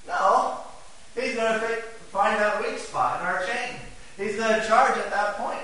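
A man's voice: high-pitched, a little slow, pushed and bright, a little hiss or hum. A man preaching a sermon in a church, talking conversationally and putting questions to the congregation. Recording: echoey church room.

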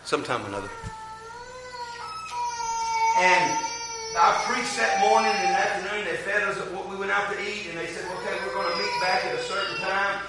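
A man with an Appalachian accent preaching a loud, fervent sermon in a large church hall, breaking in with amens. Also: high-pitched, normal speed, pauses often, heavy background noise. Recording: echoey hall, mic from a distance.

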